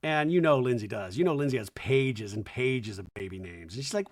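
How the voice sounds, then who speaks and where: Talking fairly quickly with few pauses, this comedy podcast host swings his mid-range voice widely in pitch. He campily and sarcastically recaps a reality show, voicing the cast's quoted lines.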